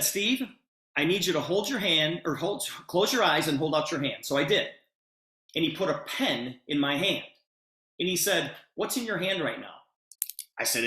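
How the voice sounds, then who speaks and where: Guy pitching a business opportunity on a video call, tells it like a story doing both voices, bright punchy tone, echoey room. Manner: retells conversations, voicing both sides of the dialogue. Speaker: presenter at an online business opportunity meeting.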